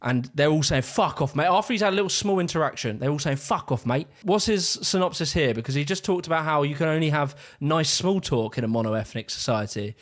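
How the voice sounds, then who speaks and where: A man's voice: on the high side, fast, few pauses. A man ranting sarcastically in exasperated, profane commentary on a video he is watching. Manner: sarcastic, exasperated, swears freely. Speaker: YouTube reaction commentator.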